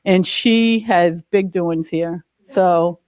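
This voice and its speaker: A woman's voice: on the low side, very slow, a little mellow, a little hiss or hum. Earnest woman telling a personal story. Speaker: group member sharing a story. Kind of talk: personal testimony.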